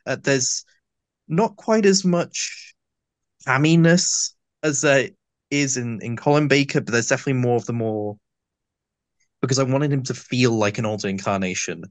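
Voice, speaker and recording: A man's voice: mid-range voice, fairly bright tone, no room sound. Man with a lisp, dry sound. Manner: long, detailed, flowing explanations. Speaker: audio drama actor, guest. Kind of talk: casual interview chat.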